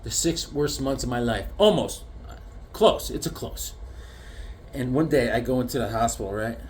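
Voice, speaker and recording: A man's voice: medium pitch, animated, normal speed, darkish tone, slight background noise. A man showing off his comic collection in a casual vlog, rambling through stories and landing joke punchlines. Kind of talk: casual show-and-tell with jokes.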